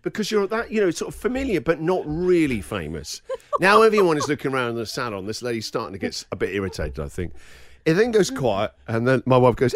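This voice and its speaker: A man's voice: mid-range voice, fast talker, no room sound. A man hosting a radio breakfast show, telling a story in casual chat and acting out the people in it. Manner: animated, laughing storyteller acting out quotes.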